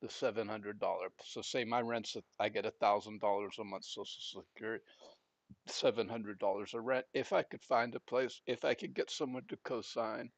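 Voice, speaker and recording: A man's voice: fairly low pitch, steady tone, normal speed, vocal fry, no echo. A man chatting casually while playing a video game, rambling and frank and audibly out of breath. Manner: rambling and frank, with frequent fillers and restarts. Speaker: gaming channel host.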